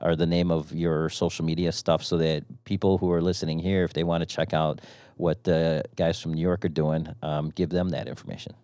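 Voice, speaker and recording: A deep-voiced man co-hosts a podcast and asks his questions in a slow, halting way with ums. His tone is casual. The sound is dry and close. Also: flat delivery, warm tone, no room sound. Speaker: podcast co-host.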